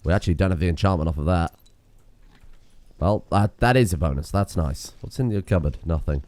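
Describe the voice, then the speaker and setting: A man's voice: low voice, darkish tone. A man streaming a game, giving sarcastic, sweary casual commentary while feeling under the weather. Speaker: gaming streamer.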